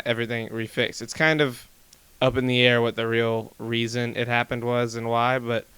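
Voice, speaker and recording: A young man talking loosely on a podcast, rambling from one thought to the next and swearing freely. His voice is smooth and clear. The sound is dry and close. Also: medium pitch, dry recording. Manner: rambling, animated, swears a lot. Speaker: podcast host. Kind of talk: casual chat.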